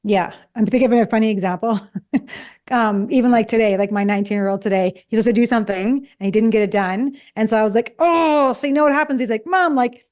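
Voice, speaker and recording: A woman's voice: mid-range voice, steady tone, quick pace, mellow. A woman in her forties, a psychologist co-hosting a podcast, talking casually and acting out quoted dialogue with animation.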